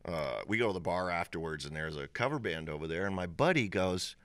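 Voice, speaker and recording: A middle-aged man, a musician telling an animated story as an interview guest, laughing often and acting out the voices of people in it. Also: deep voice, a little fast, no room sound. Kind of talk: casual storytelling.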